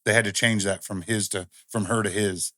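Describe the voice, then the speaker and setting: A man's voice: fairly low pitch, steady tone, a little fast, bright, forceful tone. A man co-hosting a podcast in casual crude banter, swearing and cracking jokes, often breaking into laughter. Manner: profane, joking, breaks into laughter. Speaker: podcast co-host.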